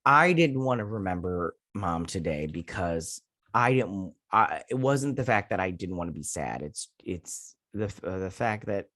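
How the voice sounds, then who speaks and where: A man's voice: deep voice, animated, unhurried, a bit bright, no echo, clean studio sound. Chatty man recapping a show episode. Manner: rambling retelling with many fillers and acted-out quotes; opinionated and heated at times. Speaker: host. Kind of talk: casual episode recap and review.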